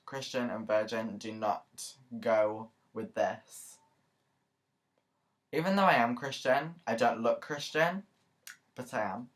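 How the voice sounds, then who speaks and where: A woman's voice: rumbling low, slow pace, pauses often. A woman YouTuber talking casually to camera in a chatty, rambling, earnest way, with many asides and fillers. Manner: earnest and emotional. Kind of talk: casual vlog talk to camera.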